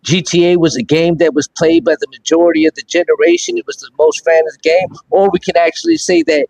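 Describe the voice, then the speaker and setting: A man co-hosting a podcast in casual chat, talking in halting bursts and repeating words when heated. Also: a little high, animated, creaky, a little mellow, no echo, poor audio. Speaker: podcast co-host.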